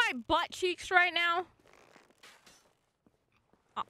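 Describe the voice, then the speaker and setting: In an unhurried voice that sits high, a woman streams a video game live. She keeps up casual, excitable commentary, swears often, and breaks into frustrated outbursts.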